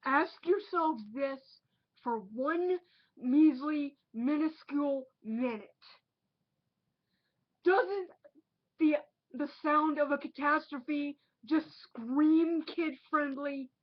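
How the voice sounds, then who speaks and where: Woman reviewer, high and deliberate, ranting with emphatic repeats, muffled home recording. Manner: indignant, emphatic, repeats herself for effect. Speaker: online movie reviewer.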